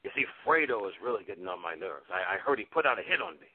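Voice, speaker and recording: A man impersonating a loud, husky aging movie star on a phone line. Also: deep voice, very animated, quick pace. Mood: excitable. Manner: bursts into sudden shouted exclamations. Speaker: guest impressionist.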